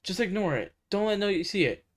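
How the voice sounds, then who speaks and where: A man streaming and reacting casually, talking in an excitable, rambling way full of fillers. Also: high-pitched, fast talker. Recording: noisy home mic.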